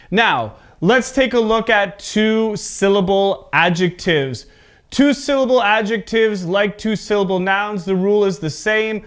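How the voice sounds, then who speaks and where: A man's voice: high-pitched, fairly bright tone, clean tone. A man teaching an English pronunciation lesson. He is patient, often checks in with "okay?", and exaggerates word stress in his examples.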